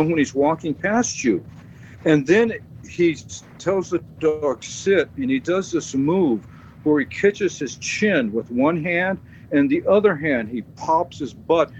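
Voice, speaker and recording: Brief: male podcast guest, animated storyteller, profane, stumbling repeats. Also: on the high side, muffled recording, a little hiss or hum. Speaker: podcast guest, dog sport trainer. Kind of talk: casual storytelling.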